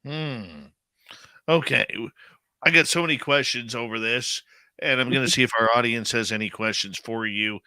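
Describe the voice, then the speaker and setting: A man's voice: medium pitch, moderate pace, bright, forceful tone, clear, resonant tone, dry recording. A man hosting a live radio show, chatting casually and joking as he greets listeners in the chat by name.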